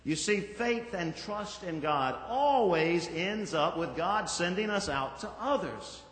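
A man's voice: high-pitched, lively intonation, slow pace. Man preaching in an echoey church. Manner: reflective, gently conversational preaching with asides. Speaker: pastor. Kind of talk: sermon. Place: church sanctuary. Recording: echoey hall from far off.

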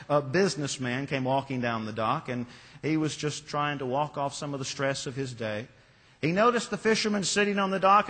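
Pastor giving a sermon, measured storyteller, slightly high male voice, echoing sanctuary. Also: a bit bright.

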